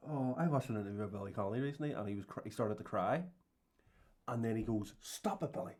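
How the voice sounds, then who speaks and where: Low-voiced sweary man telling anecdotes. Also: fast, darkish tone. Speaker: podcast co-host. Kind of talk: casual chat.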